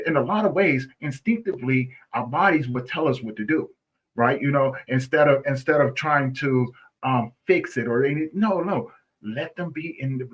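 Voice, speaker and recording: A man's voice: fairly high pitch, lo-fi sound. A man speaking as a guest in a conversational interview, earnest, often asking "right?" and restarting his phrases.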